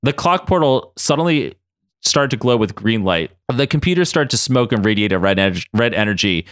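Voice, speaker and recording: A man hosting a podcast, narrating a comedic homemade story in a playful, animated way. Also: on the low side, moderate pace, no room sound, clean studio sound. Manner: playful, animated, laughing often. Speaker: podcast host.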